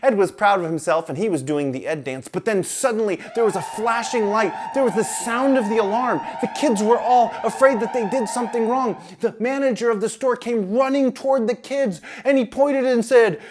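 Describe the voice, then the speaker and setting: Animated, high-voiced male storyteller. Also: moderate pace, few pauses. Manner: animated, playful. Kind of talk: children's story narration.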